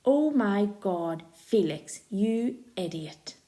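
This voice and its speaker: A woman plays a cheeky, excitable schoolboy in a storybook reading. He teases and bursts with ideas, his voice leaping up and down. The tone stays mellow rather than sharp. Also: medium pitch, slow pace. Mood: mocking. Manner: teasing, bursting with enthusiasm. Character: cheeky excitable schoolboy, boy's best friend.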